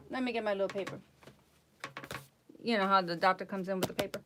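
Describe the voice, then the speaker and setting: Woman, vlogger, casual storytelling, exasperated, animated, middle pitch. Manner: exasperated, animated retelling with mocking impressions.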